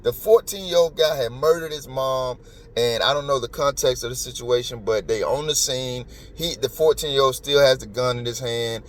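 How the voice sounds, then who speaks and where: A man's voice: mid-range voice, moderate pace, a little hiss or hum. A man hosting a podcast, talking in an emotional, emphatic and rambling way. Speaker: podcast host. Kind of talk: casual commentary.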